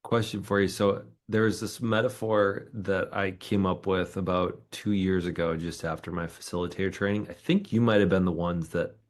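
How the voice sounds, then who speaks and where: A podcast host with a fairly low voice, talking casually with his guest. He builds his question haltingly and keeps restarting his sentences as he works his way through it. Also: fairly even intonation. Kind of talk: casual interview chat.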